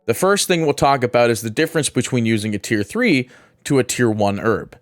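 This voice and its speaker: Man, casual game-guide narrator, middle pitch, dry close-mic read with loose self-corrections. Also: animated, a little fast, no echo. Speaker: gaming guide creator. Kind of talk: game tutorial voice-over.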